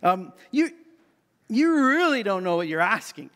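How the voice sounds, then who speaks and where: A man's voice: high-pitched, sing-song, unhurried, fairly bright tone, heavily acted. A man voicing Jesus in a comic sermon skit, speaking in a dry, puzzled, understated way.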